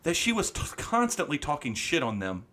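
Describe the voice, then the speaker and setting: Man, somewhat higher voice, animated storyteller, casual chat. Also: brisk. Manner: animated storyteller, laughs often.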